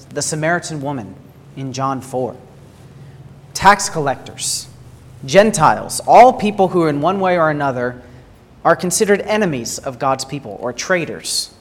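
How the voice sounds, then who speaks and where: A pastor preaching a sermon in an earnest way, asking rhetorical questions and often repeating words as he starts a phrase. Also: on the high side. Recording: long hall reverb.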